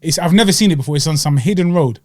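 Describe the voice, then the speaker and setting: Young London man telling a lively story. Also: fairly high pitch, rapid-fire, no room sound, clean studio sound. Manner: animated storytelling with slang and acted-out quotes. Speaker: podcast co-host. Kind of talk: casual chat.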